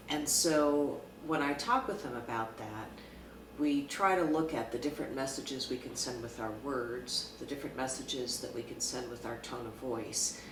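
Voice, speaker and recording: Woman clinician, measured and calm, recorded off-mic in a roomy space with faint background hiss. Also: rumbling low. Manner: calm, measured, with frequent fillers. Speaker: clinical social worker teaching. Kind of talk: explanatory talk to camera. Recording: echoey room, mic at a distance.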